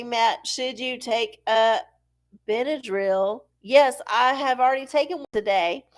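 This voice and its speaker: Rambling, profane woman hosting a live stream. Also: a little high. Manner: rambling, profane, goes off on tangents. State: sneezy from allergies. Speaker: live-stream oracle show host. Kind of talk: casual live-stream chat.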